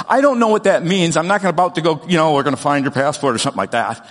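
A middle-aged man preaching a sermon, telling a personal story in an earnest, animated way with frequent restarts. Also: on the high side, fast talker, hardly any pauses, big-room sound. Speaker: pastor.

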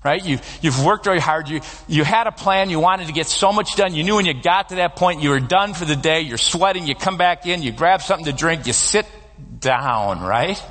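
A man's voice: a little high, lively intonation, moderate pace, fairly bright tone. Guy pastor preaching, kinda conversational, telling stories, lots of church echo. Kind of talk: sermon. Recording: long reverb of a large hall.

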